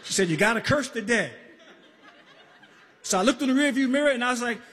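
A man from the Bronx telling a story on a live stage, animated, acting out voices and shouting at times. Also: very high voice, brisk. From the Bronx, New York. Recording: live stage recording in a reverberant hall.

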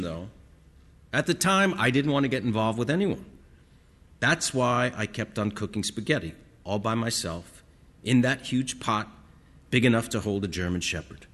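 A man's voice: medium pitch, a bit bright, long reverb tail. A man reading a first-person story aloud in a wistful, reflective way. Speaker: audiobook narrator. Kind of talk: scripted first-person narration.

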